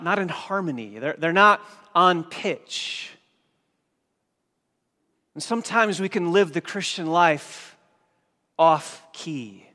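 A male pastor with a high, pushed, bright voice preaches a sermon, pressing listeners with emphatic questions. The church sanctuary adds the long reverb of a large hall.

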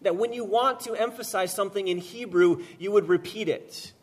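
A man preaching a sermon, swinging from loud emphatic repetition to quiet, slow lines, with touches of gentle humor. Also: high voice. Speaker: pastor.

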